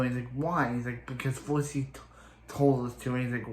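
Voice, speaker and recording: A man's voice: medium pitch, little pitch movement, echoey room. A man casually recapping a TV episode, rambling and restarting as he paraphrases each character. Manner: rambling, halting retelling full of restarts and "he's like". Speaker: show reviewer.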